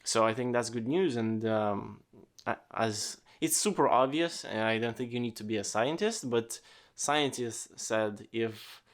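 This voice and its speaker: A man's voice: medium pitch, unhurried. A man hosting a casual solo podcast, rambling with lots of fillers and swearing freely. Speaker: podcast host.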